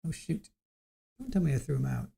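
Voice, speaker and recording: A man hosting a casual livestream about a trial, chatty and giggly, reading aloud haltingly. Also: a little high, very animated, creaky, warm tone, husky. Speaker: trial commentary host.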